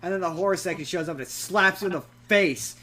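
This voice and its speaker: A young man casually reviewing a movie on a podcast, rambling and animated, acting out quotes in silly voices. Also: high-pitched, fast. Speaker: podcast co-host.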